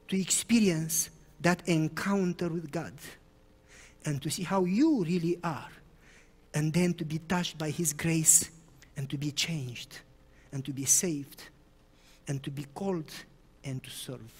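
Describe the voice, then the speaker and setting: A man's voice: on the high side, measured pace, long pauses, breathy edge. Man preaching in an echoing hall. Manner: storytelling with sudden emphatic rises. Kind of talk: sermon. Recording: reverberant hall.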